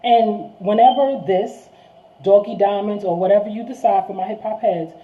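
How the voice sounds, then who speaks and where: Fast-talking New woman, tinny sound. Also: medium pitch. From New York. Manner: fast, animated street talk, addresses viewers as y'all. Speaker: vlog host. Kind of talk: casual monologue to viewers. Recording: tinny phone-like audio.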